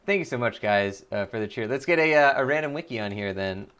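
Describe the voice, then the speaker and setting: Excitable male streamer, clear voice. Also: medium pitch, fast. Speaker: streamer, game let's-player. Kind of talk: casual live-stream chat.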